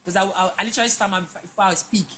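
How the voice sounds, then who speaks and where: A woman's voice: mid-range voice, fairly even intonation, racing, fairly bright tone, slight background noise. Emphatic woman, many restarts. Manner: emphatic, with frequent repeated words and restarts. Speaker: guest. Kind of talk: personal testimony in a conversation.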